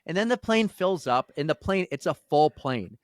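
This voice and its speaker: A man with a slightly high voice tells a long story in an easy podcast chat. He brings the tale to life by acting out the voices of the people in it. The sound is dry and close, with no room around him. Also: normal speed, no room sound. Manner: animated storyteller, acts out quoted voices. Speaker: podcast co-host.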